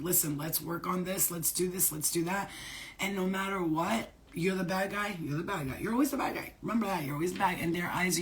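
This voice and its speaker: A woman's voice: fairly low pitch, a bit bright. Blunt, swearing woman psychic. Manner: blunt and emphatic, swears freely, repeats phrases for stress; streetwise slang. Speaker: psychic medium giving spirit readings. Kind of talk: casual unscripted channeling talk to viewers.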